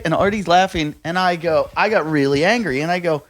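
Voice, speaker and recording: A man hosts a podcast and tells a story from a night out in a lively, anecdotal way, breaking into laughs along the way. His voice sits a little high for a man. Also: fast talker, few pauses. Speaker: podcast host. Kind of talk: casual podcast chat, storytelling.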